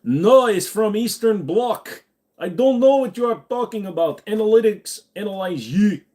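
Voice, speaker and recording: A man putting on a joke Russian voice, playing a gruff, deadpan tough guy in an exaggerated accent. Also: high-pitched, normal speed, voice pushed up. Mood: mock stern.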